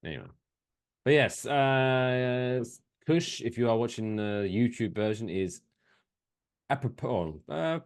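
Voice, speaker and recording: A man's voice: mid-range voice, expressive, takes it slowly, clean tone. A man co-hosting a casual podcast, joking loosely and swearing freely. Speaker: podcast co-host.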